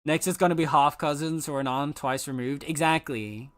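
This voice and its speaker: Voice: mid-range voice, steady tone, fairly quick. A live streamer chatting casually with viewers, playful and teasing, with mock-dramatic complaints. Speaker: live streamer talking to chat.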